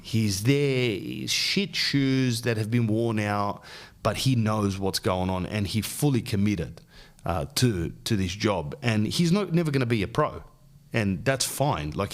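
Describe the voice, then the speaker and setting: An Australian man hosting a podcast, talking in a loose, slangy, animated way and calling the listener "bro.". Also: lowish voice, measured pace. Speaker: podcast host. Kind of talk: casual rambling monologue.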